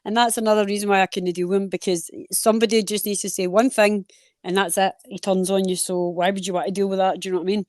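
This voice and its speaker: Fast-talking sweary Scottish woman. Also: mid-range voice, dry recording, studio quality. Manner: fast, sweary, animated storytelling. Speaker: regular on a live stream panel. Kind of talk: casual live-stream chat.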